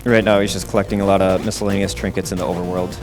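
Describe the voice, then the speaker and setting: A man with a lowish voice patiently walks through what is happening in a speedrun, peppering it with "um"s. Faint music plays behind him. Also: little pitch movement, racing, darkish tone. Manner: explanatory, many "um" fillers. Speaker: game commentator. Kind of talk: casual live speedrun commentary.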